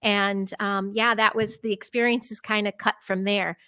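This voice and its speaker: A woman in her thirties from the United States, appearing as a podcast guest, tells personal stories in a clear, resonant, mid-range voice at a slightly slow pace. The studio-quality recording has no room sound, and she's animated, laughing often and acting out her own quoted lines in conversational storytelling.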